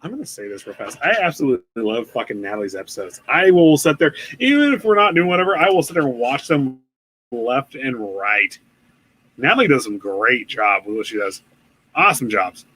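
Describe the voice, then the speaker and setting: A man's voice: mid-range voice, big pitch swings, a little fast, pushed and bright, slightly rough, low-quality recording. A man co-hosting a casual live-streamed podcast, rambling with many fillers and swearing often. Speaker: podcast co-host.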